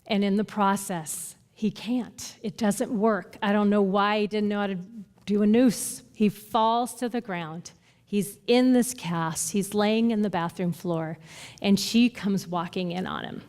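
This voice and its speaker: A woman's voice: mid-range voice, measured pace, darkish tone. Woman teaching a Bible study, hall reverb. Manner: earnest, retells stories with quoted dialogue. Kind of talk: conversational teaching and storytelling.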